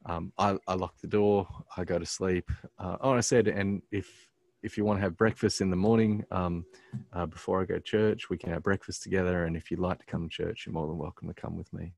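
A man casually telling a personal story on a podcast, halting with many ums and restarts, earnest as he reflects on his faith. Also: low-pitched, fairly even intonation, gravelly, a little mellow, no room sound.

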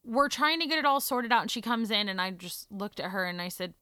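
A woman in her thirties telling a personal story in casual chat, animated, hushing for the tender parts. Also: medium pitch, normal speed, clear, resonant tone, no room sound, studio quality. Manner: animated, drops to a hush for emotional moments.

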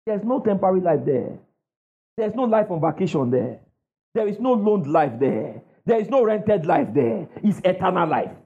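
Emphatic high-pitched preacher man. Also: big pitch swings, moderate pace, dark tone, slightly rough. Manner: emphatic call-and-response, asks the crowd "what?". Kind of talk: sermon. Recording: dull lo-fi sound.

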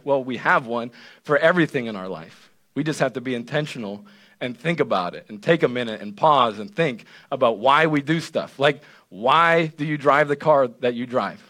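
A male pastor giving an animated, conversational sermon that keeps checking in with the listeners. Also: medium pitch. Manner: animated, conversational preaching with frequent "right?".

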